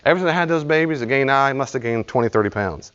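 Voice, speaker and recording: A man's voice: mid-range voice, animated, fast, fairly bright tone, muffled recording, pitched above the performer's own voice, close to an everyday voice. A man voicing a weary mother who makes whiny excuses for everything. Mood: complaining. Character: weary mother excusing herself, adult woman.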